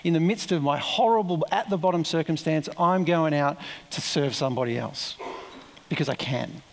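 A man's voice: fairly high pitch, normal speed, slight background noise, lightly acted. A man voicing a desperate, worn-down widowed mother in a sermon, speaking earnestly in a large reverberant hall. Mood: resolute.

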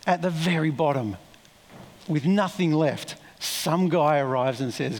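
A man's voice: fairly high pitch, normal speed, vocal fry, in a large hall. A man preaching a sermon in a conversational, reflective way, with asides and self-corrections.

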